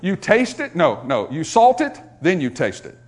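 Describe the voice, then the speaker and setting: Middle-aged guy preaching, high voice that jumps all over, folksy asides, gets loud on the big points. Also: huge pitch swings, moderate pace. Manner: folksy, joking asides to the congregation; swings from soft asides to loud emphatic points. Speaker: pastor. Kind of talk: sermon.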